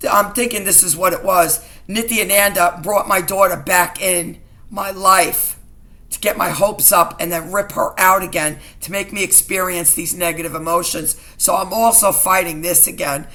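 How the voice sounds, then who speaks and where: A woman's voice: fairly low pitch, fairly even intonation, measured pace, bright, forceful tone. Indignant middle-aged woman ranting to camera. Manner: agitated, indignant, repeats herself. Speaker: vlogger. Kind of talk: emotional personal rant to camera.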